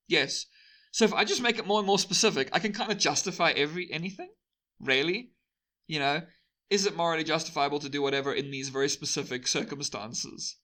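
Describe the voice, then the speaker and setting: Man, casual lecturer, bright and slightly high, rambling with dry sarcasm. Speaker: educational video host. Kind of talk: informal academic lecture.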